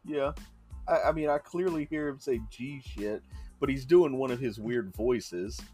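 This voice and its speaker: A man's voice: mid-range voice, measured pace, over music. A man co-hosting a casual podcast, blunt and joking with slang. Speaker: podcast co-host. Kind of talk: casual chat.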